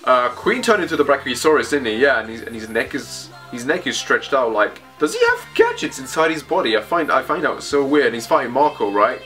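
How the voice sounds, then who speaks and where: A man casually reacting to a comic chapter, thinking aloud in a rambling, excitable way as he reads it. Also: mid-range voice, fairly quick, few pauses, faint music behind. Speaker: manga reaction host.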